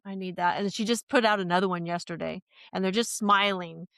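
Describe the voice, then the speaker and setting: A woman chatting on a podcast, telling stories in a rambling, animated way with many restarts. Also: mid-range voice, fairly quick, creaky, dry recording, studio quality. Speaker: podcast guest. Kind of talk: casual podcast chat.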